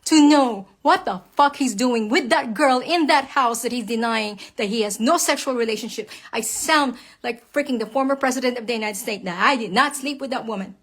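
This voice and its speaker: Furious high-voiced woman ranting. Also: moderate pace, few pauses. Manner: heated, profane, emphatic, addresses viewers as guys. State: very angry. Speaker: wife speaking out online. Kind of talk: angry personal rant to camera.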